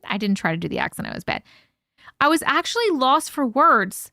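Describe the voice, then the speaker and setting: A woman's voice: sits high, big pitch swings, brisk, creaky, bright, forceful tone, no room sound, clean studio sound. A woman hosting a live stream, reading a viewer's story aloud and breaking in with chatty asides. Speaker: host reading viewer stories.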